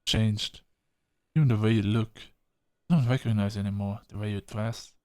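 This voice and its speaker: A man's voice: lowish voice, moderate pace, clear, resonant tone, dry recording, lightly acted. A man reading as a disappointed, estranged man. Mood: reproachful. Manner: calm, reproachful reading of game dialogue.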